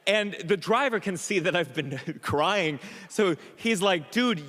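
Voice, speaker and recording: Excitable man doing stand-up on a stage. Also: sits high, a little slow, long reverb tail. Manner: excitable, self-mocking, stammered restarts. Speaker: stand-up comedian. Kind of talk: stand-up storytelling. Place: comedy stage.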